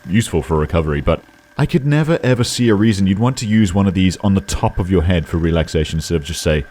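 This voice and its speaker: A young man giving sarcastic comedic commentary on videos, breaking into high yelling outbursts. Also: lively intonation, fast. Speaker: YouTube commentator.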